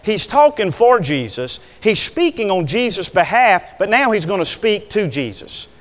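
An older male preacher delivering an impassioned sermon, swinging between hushed words and loud declarations. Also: sits high, big pitch swings, normal speed. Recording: long hall reverb.

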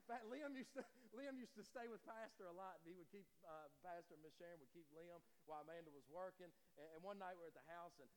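A man's voice: sits high, fast, few pauses. A man preaching a sermon, telling a story in a folksy way, laughing and talking straight to the congregation. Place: church sanctuary. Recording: long reverb of a large church hall.

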